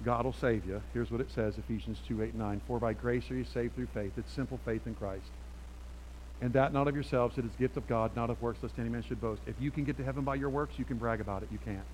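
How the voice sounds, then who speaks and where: A man preaching a sermon to a church congregation, switching between forceful appeals and quiet storytelling. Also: medium pitch, steady tone, fast, a little hiss or hum, poor audio. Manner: emphatic, swings from loud exhortation to quiet storytelling. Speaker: pastor.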